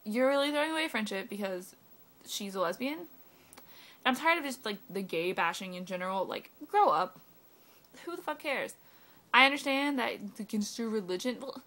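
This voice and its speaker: A slightly high, fairly bright voice belongs to a teenage girl venting on a webcam vlog. She addresses her phone camera sarcastically, curses a lot, and leans constantly on the filler "like."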